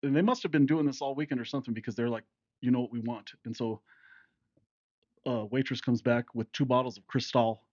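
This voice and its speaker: A man's voice: medium pitch, brisk, a little mellow, dry recording. A middle-aged man with a mid-range voice chats casually on a podcast, chuckling and jumping in with his own side of the story. The sound is dry and a little dull. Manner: chuckling, chatty interjections. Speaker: podcast co-host. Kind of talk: casual chat.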